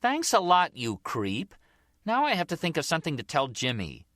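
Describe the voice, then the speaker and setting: Up in a high, darting voice, a man reads as a brash young mob girlfriend in an audiobook, gossipy and wheedling. The sound is dry and close. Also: wildly swooping pitch, normal speed, fairly bright tone, dry recording.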